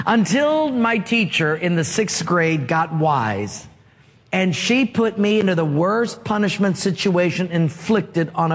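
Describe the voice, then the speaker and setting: High-voiced pastor preaching slowly in a hall. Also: male voice, fairly bright tone. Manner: storytelling with humor, acts out voices in stories. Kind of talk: sermon. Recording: reverberant hall.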